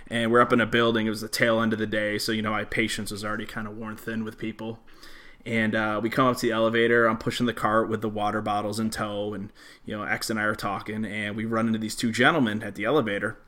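A man co-hosting a casual podcast, telling dry, deadpan work stories and ranting about small talk. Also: lowish voice, quick pace. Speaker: podcast co-host. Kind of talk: casual storytelling.

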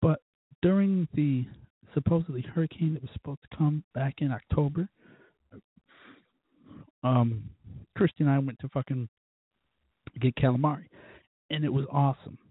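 A man's voice: medium pitch, moderate pace, long pauses, slightly rough, no room sound. Podcast host, male, profane fired-up ranter; dry, phone-quality audio. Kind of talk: casual ranting monologue.

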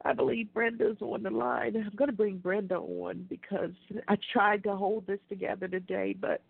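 Female radio host, grieving and halting, gravelly voice, dry phone-quality sound. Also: mid-range voice, steady tone, dry recording. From United States. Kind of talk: tribute radio show. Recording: tinny phone-like line, dry.

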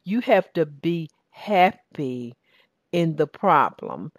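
A woman's voice: low-pitched, big pitch swings, slow, dry recording. A middle-aged woman with a Southern US accent hosting a talk show, encouraging and full of restarts. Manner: warm, encouraging, with many restarts and fillers. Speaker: radio show host and life coach.

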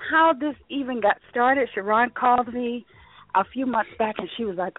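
A woman hosting a live internet radio talk show, bubbly and excitable, laughing often and out of breath. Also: on the high side, moderate pace, no room sound. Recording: phone-line quality, dry.

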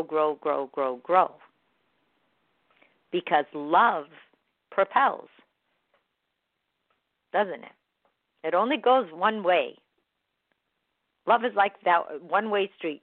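A woman hosting a morning show, talking in a gentle, encouraging way about dreams and self-love with repeated soothing phrases. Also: on the low side, no echo. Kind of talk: spiritual self-help talk. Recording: phone-like narrow sound.

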